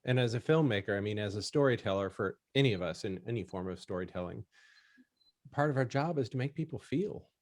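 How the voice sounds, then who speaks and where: A man's voice: lowish voice, lively intonation, quick pace, dry recording. Supportive male host, dry close sound. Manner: supportive, short affirmations. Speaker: interview host. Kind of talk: interview questions and backchannel.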